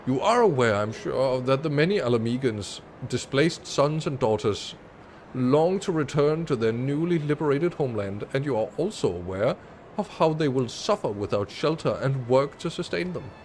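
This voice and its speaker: A man's voice: medium pitch, lively intonation, moderate pace, a little mellow, a little hiss or hum, pitched above the performer's own voice, natural voice. A man reading aloud as a formal, earnest young queen.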